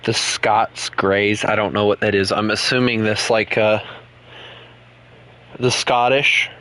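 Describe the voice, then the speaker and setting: A man's voice: fairly low pitch, fairly even intonation, a little slow, bright, forceful tone. An American man streaming a game, chatting casually and teasing a viewer in a joking, rambling way with many fillers. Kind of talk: casual livestream chat.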